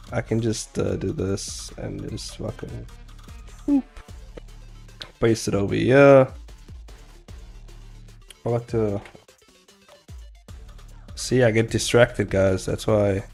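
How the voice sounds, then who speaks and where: A man's voice: fairly low pitch, steady tone, slow, creaky, long pauses, darkish tone, breathy edge, faint music behind. A young man chatting casually with viewers while drawing his comic. He rambles, laughs a lot and swears freely. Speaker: comic artist streaming. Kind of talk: casual live-stream chat.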